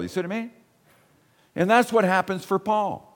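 A man's voice: high-pitched, moderate pace. Male pastor preaching in a reverberant hall. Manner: earnest, uses rhetorical questions to the listeners. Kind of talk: sermon.

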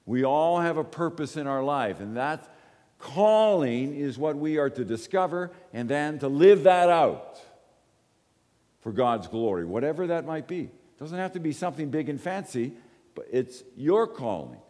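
A man's voice: on the high side, unhurried. A man preaching a conversational sermon, telling stories animatedly and often checking in with the listeners. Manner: animated storyteller, often asks the room "right?". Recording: long reverb from a large hall.

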